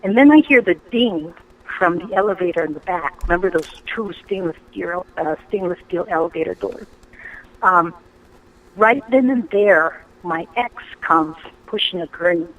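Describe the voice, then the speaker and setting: A woman caller telling a ghost story on a radio call-in show, lively and full of ums and restarts. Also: on the low side, normal speed, lo-fi sound. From Hawaii. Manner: animated storytelling, acting out her own quoted lines; hesitant, frequent ums and restarts.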